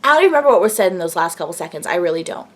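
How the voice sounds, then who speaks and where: A young woman vlogger telling an excited story in a gushing, breathless way, full of fillers. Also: lowish voice, racing.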